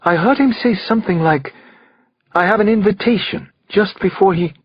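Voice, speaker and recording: A man's voice: high voice, sing-song, measured pace, slightly rough, lo-fi sound, pitched above the performer's own voice, exaggerated voice. A man narrating an audiobook voices a frightened young woman in her early twenties, shaky and whimpering. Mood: shaken.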